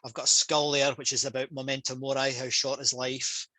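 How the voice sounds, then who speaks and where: A man's voice: mid-range voice, fairly quick, no echo, poor audio. A man with a Scottish accent, a public speaker and trainer, talking casually and with passion on a video call over a headset. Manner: passionate, energetic storytelling.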